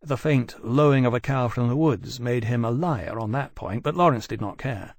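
A man reading a novel aloud as an audiobook narrator, in a measured, even storytelling manner on a close studio mic. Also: mid-range voice, no room sound. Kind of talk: scripted narration.

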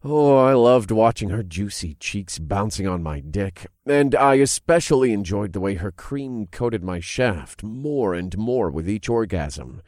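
A man reads a first-person adult audiobook in a low voice that moves a lot in pitch. His delivery is animated and tells the story with energy. The recording is close and dry. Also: measured pace, hardly any pauses, dry recording. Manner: expressive, animated reading that builds in intensity. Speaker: audiobook narrator. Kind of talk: first-person scripted narration.

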